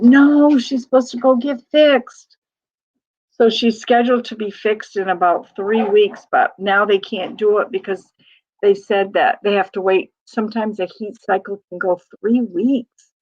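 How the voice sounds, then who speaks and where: A woman's voice: medium pitch, highs cut off. An older woman from Maine hosting a casual home livestream, reading viewer comments aloud and telling rambling stories about her dog. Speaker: livestream host.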